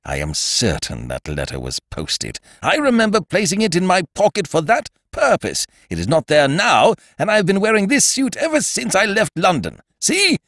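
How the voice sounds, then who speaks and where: Man doing a high squawky blustering young schemer, stammering, indignant, lively pitch jumps. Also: moderate pace, few pauses, no echo, clean studio sound, full character voice. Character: blustering young English male schemer, excitable.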